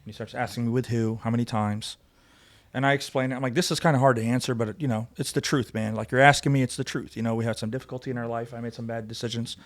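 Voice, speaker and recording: A man guest on a podcast telling a story in casual chat, animated and profane, acting out both sides of arguments. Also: medium pitch, quick pace.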